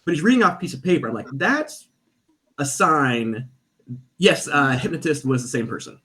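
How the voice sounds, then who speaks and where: A man's voice: on the high side, brisk. A man, a guest on a podcast, telling a story in casual chat and acting out the voices of the people in it. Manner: animated, acts out quoted voices. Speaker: stage performer.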